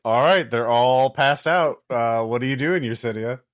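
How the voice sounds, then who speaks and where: A man running a tabletop game as game master, relaxed and halting with many fillers. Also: medium pitch.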